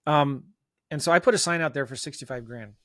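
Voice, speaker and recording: A man, a guest on an interview show, telling a self-mocking story in an animated, casual way and acting out bits of dialogue. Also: a little high, brisk, no room sound, clean studio sound. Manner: loose talk full of fillers and restarts. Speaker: guest real estate investor.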